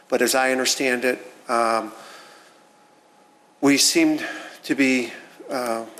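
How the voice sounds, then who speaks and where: A man presenting as the petitioner's attorney at a public hearing, speaking in a measured way with many fillers. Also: medium pitch, fairly bright tone. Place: village council chamber. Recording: roomy hall with faint noise.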